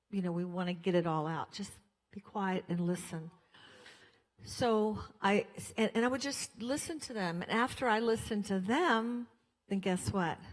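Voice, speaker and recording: An older woman from Colorado giving a chatty, storytelling speech to an audience, acting out the voices in her own anecdotes. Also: fairly low pitch. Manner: chatty storytelling, acts out dialogue. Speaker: guest speaker at a fundraiser. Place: church hall. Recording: long hall reverb.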